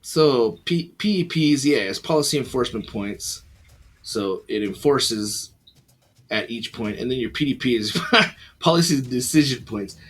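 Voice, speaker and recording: A man reviewing a book in a casual, rambling monologue, full of fillers and restarts and quick to poke fun at himself. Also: mid-range voice, expressive, slightly rough. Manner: rambling, many fillers and restarts, self-deprecating.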